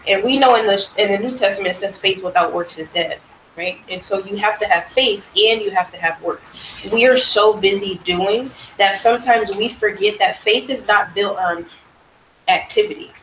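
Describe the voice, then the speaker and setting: A woman's voice: medium pitch, a bit bright, slight background noise. Thoughtful woman commenting in class. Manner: thoughtful, measured, with fillers. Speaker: class member. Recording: roomy room, faint ambience.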